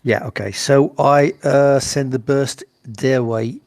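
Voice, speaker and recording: A man's voice: medium pitch, steady tone, slow pace, creaky, a little mellow. A man playing a tabletop game, asking questions in an unsure way with many uhs. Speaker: player. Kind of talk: casual tabletop game play.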